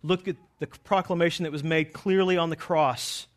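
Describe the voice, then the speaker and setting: A male pastor preaching a sermon slowly and emphatically, his voice swelling loud when he quotes scripture. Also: fairly high pitch, fairly even intonation.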